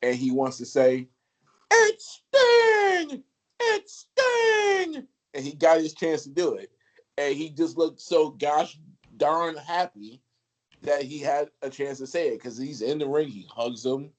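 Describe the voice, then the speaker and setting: A man's voice: medium pitch, steady tone, moderate pace, darkish tone, rough recording. A man co-hosting a podcast, joking and laughing in casual wrestling chat. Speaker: podcast co-host.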